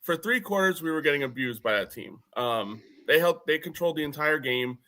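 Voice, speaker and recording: A man on a sports podcast panel, giving measured, analytical breakdowns of a game. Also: fairly high pitch, lively intonation, bright, forceful tone. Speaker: panelist, Jets fan.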